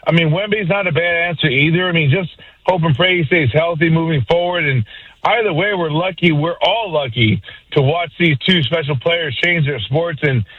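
A male caller chats with the host in a relaxed way. His voice sits a little high and has a husky edge. He comes through a tinny, narrow phone line. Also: normal speed, no echo. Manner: laid-back, chatty, calls people bro and boys. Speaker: radio caller. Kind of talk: casual phone call.

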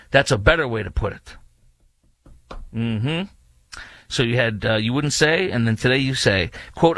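A man's voice: mid-range voice, expressive, normal speed, long pauses, a bit bright, no room sound. A man hosting opinionated political commentary, reading quotes aloud and rebutting them with mocking indignation.

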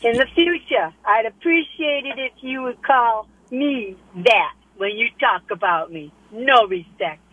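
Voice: mid-range voice, lively intonation, a little slow, hardly any pauses, breathy edge, no room sound. Boastful Buffalo-accented governor impression, nasal, over a thin phone line, done by a caller. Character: caller impersonating a boastful female state governor. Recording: dry tinny phone line.

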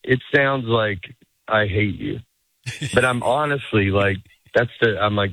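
A man's voice: lowish voice, measured pace, fairly bright tone, dry recording. A middle-aged man, a stand-up comedian, chatting casually as an interview guest, rambling and breaking off mid-sentence to act out quotes. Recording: tinny phone-like radio sound.

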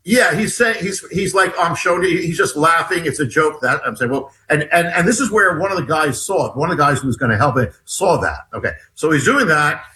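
A man with a fairly high, bright, forceful voice tells a story as a guest on a talk show. He stops and restarts often and acts out what each person said. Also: expressive. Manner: halting, many restarts, acts out dialogue. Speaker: guest author. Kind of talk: animated storytelling in an interview.

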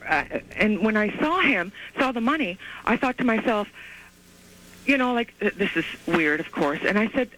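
A woman calling in to a radio show over the phone, telling her story in an excited, rambling way with many restarts. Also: medium pitch, moderate pace. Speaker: caller. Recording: tinny phone line.

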